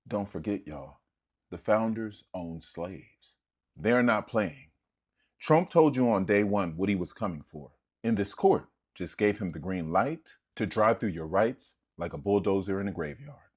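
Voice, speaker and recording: Husky, fiery man with a sweeping delivery. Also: lowish voice, lively intonation, unhurried. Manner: impassioned, preacher-like, profane, punchy rhetorical lines. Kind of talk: fiery spoken commentary.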